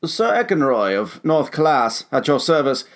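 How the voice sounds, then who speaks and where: A man's voice: fairly high pitch, sing-song, moderate pace, a bit bright, voice pushed up. A man playing a pompous, boastful knight in a fantasy audio drama, speaking grandly with a raised voice.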